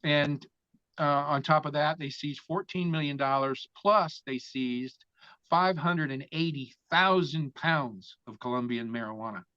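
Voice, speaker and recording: An older man from Florida tells a long story as an interview guest, cursing freely and acting out the other people in it. His voice sits a little high for a man. The recording is dry and close but dull and lo-fi. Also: a little slow, smooth, dry recording. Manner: profane, animated storyteller who acts out other people's lines. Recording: dull, lo-fi sound.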